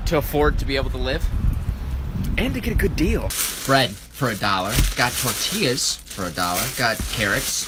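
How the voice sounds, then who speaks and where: Speaking expressively at medium pitch and normal speed, a twenty-something American TikToker narrates to camera from his small New York City apartment. The recording is very noisy, and his manner is upbeat and self-mocking.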